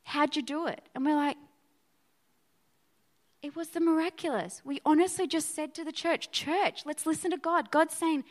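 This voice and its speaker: A woman pastor preaching a sermon to her church, energetic and conversational, often checking in with her listeners. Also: sits high, normal speed, pauses often. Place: church auditorium.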